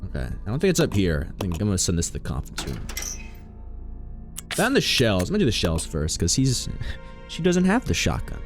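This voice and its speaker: A man casually commenting while streaming a game, joking with chat and shooting up into high exclamations. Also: huge pitch swings, fairly quick, long pauses, faint music behind.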